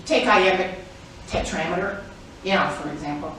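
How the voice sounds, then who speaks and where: A woman's voice: fairly low pitch, moderate pace, a bit bright. An older woman giving an informal, chatty performance talk as an author at a library, laughing often as she speaks. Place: public library event room. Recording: very echoey room, distant mic, faint noise.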